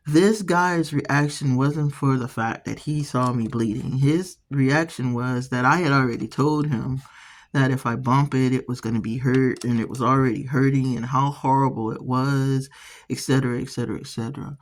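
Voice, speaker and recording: A woman's voice: low-pitched, unhurried. Chatty woman telling stories with restarts. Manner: rambling storyteller with frequent restarts. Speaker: art channel host. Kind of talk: casual encouraging talk while painting.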